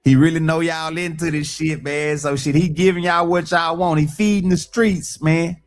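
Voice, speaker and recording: A man's voice: a little high, steady tone, moderate pace, faint music behind. A man casually reacting to a song on a live stream, loose and profane, repeating phrases as he talks.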